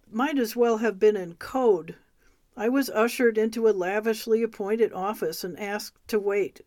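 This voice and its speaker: A woman reading a memoir aloud in a measured, wry way. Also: on the high side, darkish tone, no echo, clean studio sound. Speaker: reader.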